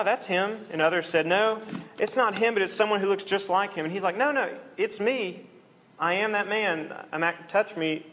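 A man's voice: fairly high pitch, fairly bright tone, a little hiss or hum. A man preaching a conversational, earnest sermon to a congregation, briefly acting out the people in the story.

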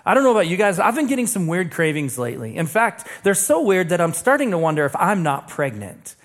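A young adult man preaching a sermon as pastor, conversational, slowing for emphasis and acting out little dialogues. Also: high-pitched, big pitch swings. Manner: conversational preacher, dramatic pauses, acts out quoted dialogue.

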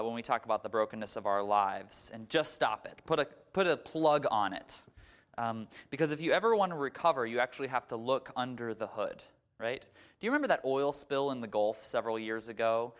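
A man giving a sermon as a pastor, telling stories in a conversational way with a few fillers. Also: medium pitch. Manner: conversational storytelling, some fillers.

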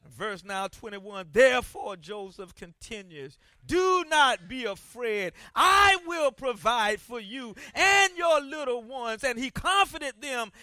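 High-voiced preaching pastor, loud and soft swings. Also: male voice, dry recording, studio quality. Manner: rhetorical repeated questions. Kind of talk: sermon.

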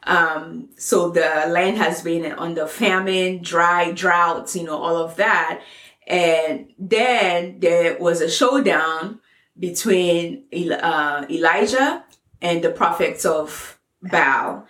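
A woman's voice: fairly low pitch, takes it slowly, a bit bright. A woman co-hosting a faith podcast, chatting casually and laughing as she explains a Bible story. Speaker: podcast co-host. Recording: echoey room.

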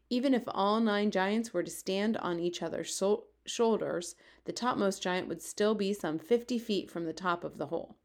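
A woman reading a children's book aloud with steady, expressive storytelling. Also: mid-range voice. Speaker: reader.

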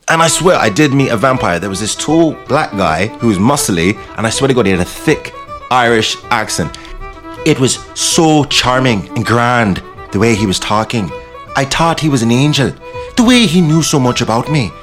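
A young English man hosting a show, telling stories and chatting in a theatrical, animated way. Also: medium pitch, normal speed, soft background music. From England. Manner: animated, theatrical storytelling with mimicked voices. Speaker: radio host. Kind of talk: casual chat with storytelling.

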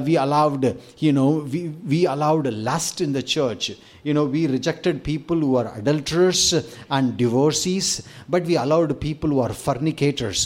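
A man's voice: a little high, a little mellow. A man preaching a sermon as pastor to his church family, earnest, repeating phrases and building lists with rising emphasis.

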